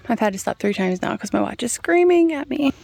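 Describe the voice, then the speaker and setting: Gravelly-voiced woman vlogging on a trail. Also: fairly high pitch, expressive, normal speed. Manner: candid, chatty, laughs often. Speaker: vlogger hiking a long-distance trail. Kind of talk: casual vlog chat. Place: outdoors on a walking trail.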